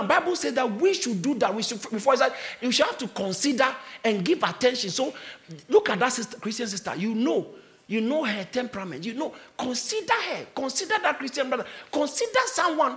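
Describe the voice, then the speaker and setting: A man preaches to his church in a strikingly high, bright voice. He spells words out and explains them, and he rises into shouts and laughter as he presses his point. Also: sing-song, brisk. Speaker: pastor. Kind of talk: sermon.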